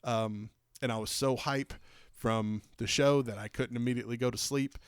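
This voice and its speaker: A man of average pitch co-hosts a podcast and spins a rambling anecdote with plenty of fillers and restarts. His delivery is animated and chatty, and the sound is close and dry with no room echo. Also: moderate pace, clear, resonant tone. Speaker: podcast co-host. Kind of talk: casual storytelling chat.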